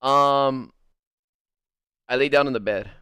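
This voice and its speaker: A man's voice: mid-range voice, slow, smooth, dry recording, studio quality. A young man casually telling a funny story, laughing often and acting out what others said. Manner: animated, laughing often, quoting others in acted voices.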